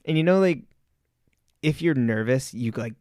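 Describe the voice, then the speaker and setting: A man's voice: mid-range voice, lively intonation, normal speed, a little mellow, clear, resonant tone, no room sound, clean studio sound. A man from Southern California co-hosting a podcast, recapping a TV episode in casual chat with rambling anecdotes and frequent laughter. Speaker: podcast co-host.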